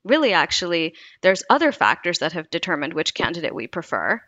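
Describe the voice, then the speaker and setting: A woman, a psychology researcher, explaining experiments in a lively, storytelling way during an interview. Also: lowish voice, fairly quick, no room sound, dull audio. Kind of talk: interview conversation.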